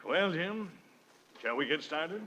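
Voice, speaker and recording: Pompous older tycoon for 1950s radio comedy, bright and bossy. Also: male voice, a little high, animated, slow, exaggerated voice. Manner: pompous, commanding. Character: pompous older male businessman client. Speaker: insurance client. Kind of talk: 1950s radio sitcom acting.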